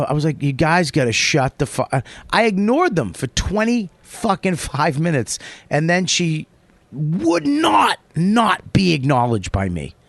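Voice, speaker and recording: A man hosting a casual podcast, telling a story with heavy swearing and lively retellings. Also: on the high side, no room sound. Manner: profane, rambling, animated when retelling. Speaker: podcast host.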